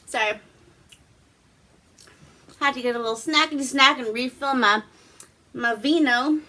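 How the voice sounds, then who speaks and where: A woman vlogger chats her way through a movie plot at an unhurried pace, with a bright, forward tone. Her speech is loose and full of fillers and casual swearing. She is at home with a glass of wine. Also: high-pitched.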